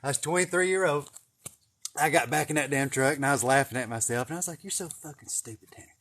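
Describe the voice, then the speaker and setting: In a fast, medium-pitched voice, a young vlogger rambles through a casual story. He's lively and profane, and he keeps cracking himself up.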